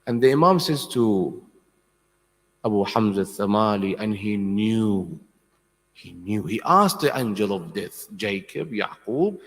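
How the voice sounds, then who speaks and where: A man preaching a Muharram sermon, speaking with passion and asking his listeners questions directly. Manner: impassioned, rising into high emotional cries when telling tragic stories; asks the audience questions directly. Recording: long hall reverb.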